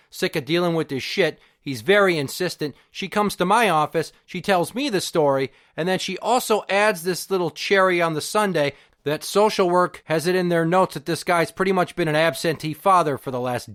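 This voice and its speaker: A man's voice: fairly high pitch, normal speed, few pauses, a bit bright. A man hosting a podcast, telling a crude, sarcastic and exasperated rant about a pushy visitor. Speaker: podcast host. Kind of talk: profane storytelling rant.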